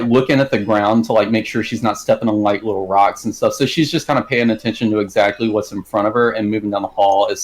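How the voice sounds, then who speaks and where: A man playing a tabletop role-playing game, chatting casually and describing what his character does, with lots of filler words. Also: on the low side. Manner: chatty, many likes, narrates his character in third person. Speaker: player. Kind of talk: casual tabletop gaming chat.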